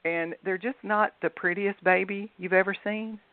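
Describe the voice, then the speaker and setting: A woman's voice: mid-range voice, fairly even intonation, moderate pace, no echo. A woman from the American South, a guest author, telling chatty stories and laughing often. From Southern United States. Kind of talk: casual storytelling interview. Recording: tinny phone line.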